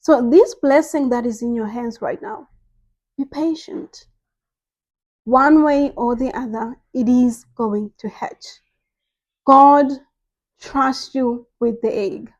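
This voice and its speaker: High warm-voiced woman giving earnest encouragement. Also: slow pace, highs cut off. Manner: earnest, repeats phrases, asks "right?" often. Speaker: faith vlogger. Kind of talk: devotional encouragement message.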